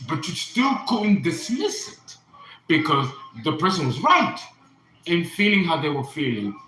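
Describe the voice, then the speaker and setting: A man in his fifties pours out an earnest, impassioned monologue, his pitch swinging widely as he talks. His tone is bright and forceful, and he often circles back to repeat himself. The voice rings in an echoey room. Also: slight background noise. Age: 50s. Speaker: astrologer and occult teacher. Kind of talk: emotional personal monologue.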